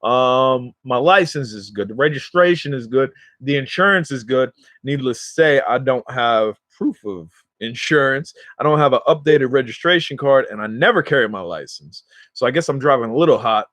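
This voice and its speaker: A man at a middle pitch tells a loose, rambling story in street slang, addressing his viewers directly. The sound is dry and close, with no room echo. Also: lively intonation, moderate pace, fairly bright tone. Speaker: cannabis vlogger. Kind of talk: casual storytelling to camera.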